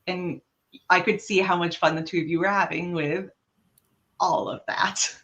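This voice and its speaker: A woman with a bright, forceful voice pitched a little low, coaching improvisers on a casual podcast. She is encouraging and praises freely. She explains craft in a friendly way. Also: steady tone, normal speed, highs cut off. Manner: warm and encouraging, praises generously. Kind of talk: casual podcast chat, giving feedback.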